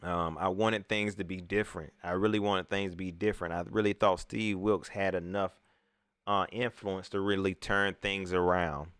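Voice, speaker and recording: A man hosting a casual post-game livestream, slangy and animated, often repeating himself. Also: sits low, moderate pace, clear, resonant tone, no echo. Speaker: sports talk show host.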